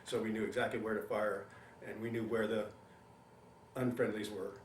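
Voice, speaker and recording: A man's voice: lowish voice, normal speed. Older man recounting war stories. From Canada. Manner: animated storytelling, acts out quoted voices. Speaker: veteran interviewee. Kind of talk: oral history interview. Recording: roomy, mic at a distance, faint hiss.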